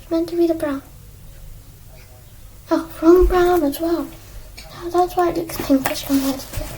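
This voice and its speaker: High-voiced girl rambling while crafting. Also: fairly even intonation, measured pace, mellow, a little hiss or hum, low-quality recording. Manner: rambling, self-mocking, drifts into whispers. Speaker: crafting vlogger. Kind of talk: casual crafting vlog. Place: indoors at a desk. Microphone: iPad propped on a stool.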